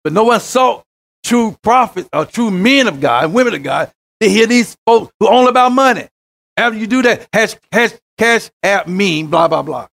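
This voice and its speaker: A man with a high voice preaches a sermon. He swings between shouted exhortations and sudden quiet drops, as a pastor does when driving home a point. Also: animated, moderate pace, gravelly.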